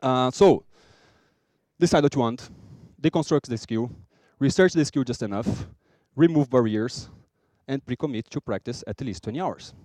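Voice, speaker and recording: Brazilian man giving a lively talk. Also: mid-range voice, normal speed, dry recording. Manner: lively, acts out little scenes and jokes with the audience. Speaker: conference speaker. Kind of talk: conference talk.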